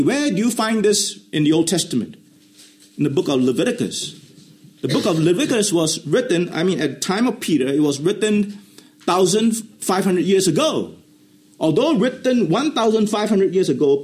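Emphatic preacher, lively pitch. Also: male voice, moderate pace. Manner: emphatic, repeats key phrases, drops into quiet asides; explains Greek grammar in a teaching tone. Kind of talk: sermon.

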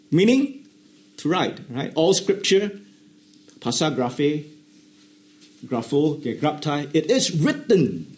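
Guy preaching a sermon, voice jumps all over, hammers phrases again and again, slightly high. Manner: emphatic, repeats key phrases, drops into quiet asides; explains Greek grammar in a teaching tone.

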